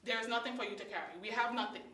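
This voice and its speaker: Storyteller putting on a stern Guyanese granny, plain-spoken, bright tone, heard from across a hall. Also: female voice, fairly high pitch, fairly even intonation, very fast. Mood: firm. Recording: roomy hall, mic far off.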